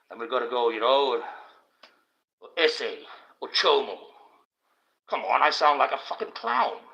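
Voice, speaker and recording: A bright-toned Australian man rants on his livestream, blunt and profane, his voice pushed forward with a sharp edge. The stream audio is dull and lo-fi, as if heard through a cheap home microphone. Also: mid-range voice. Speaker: livestream host. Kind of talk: ranting livestream monologue.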